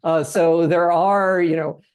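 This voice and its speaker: A man's voice: on the high side, fairly even intonation, slow pace, clear, resonant tone. A man moderating an academic panel, talking conversationally with frequent restarts and "right?".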